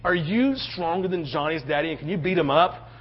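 An eager little girl, full of admiration for her dad, as a preacher puts her on in a sermon. The voice sits high and comes through a muffled, lo-fi recording. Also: animated, fairly quick, husky. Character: excited little girl wanting her dad's praise.

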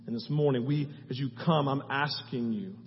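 Passionate pastor preaching in an echoing hall. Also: male voice, mid-range voice, normal speed, a little hiss or hum. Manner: passionate and conversational, poses repeated questions. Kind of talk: sermon. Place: church sanctuary. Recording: reverberant hall, slightly dull sound.

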